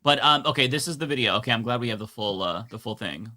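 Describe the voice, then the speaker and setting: A man's voice: medium pitch, animated, quick pace, very noisy. A man co-hosting a podcast, talking in a casual, blunt way and swearing freely. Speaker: co-host.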